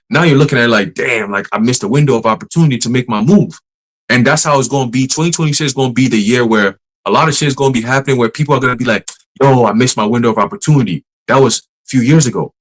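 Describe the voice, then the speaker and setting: A man at a middle pitch preaches on a livestream in a loose, street-talk way. He is blunt and profane and laughs often. He slows right down whenever he reads a scripture verse aloud. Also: rough recording.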